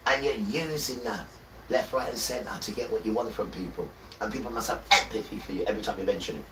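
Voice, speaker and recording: A man's voice: lowish voice, fast talker, a little hiss or hum. Man, livestream preacher, insistent and repetitive, heard from off-mic in a roomy space. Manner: repetitive, keeps asking "right?", swells loud when reading scripture. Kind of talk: impassioned religious livestream preaching. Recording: roomy echo, distant from the mic, faint background ambience.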